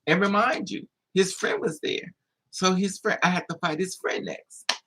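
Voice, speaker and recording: A vlogger telling a story casually to camera in an animated way, acting out the other people's voices with high squeals. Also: normal speed, a little hiss or hum.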